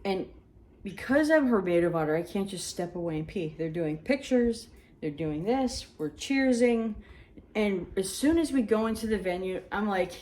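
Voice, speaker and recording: A woman, telling funny personal stories in an animated, chatty, self-mocking way. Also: medium pitch, moderate pace. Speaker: storyteller. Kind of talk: casual storytelling.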